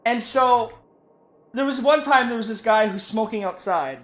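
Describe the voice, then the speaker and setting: A man's voice: very high voice, normal speed. A man casually ranting and telling profane work stories while playing a game. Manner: ranting, profane, animated storytelling. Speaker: gaming YouTuber. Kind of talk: casual rant over gameplay.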